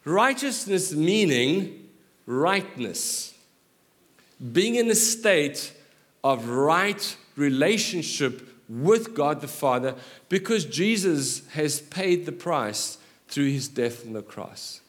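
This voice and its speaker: A middle-aged male pastor preaching with a slightly higher voice than most men. He is animated and jokes with the congregation in quick asides, moving between earnest points and laughter. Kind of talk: sermon.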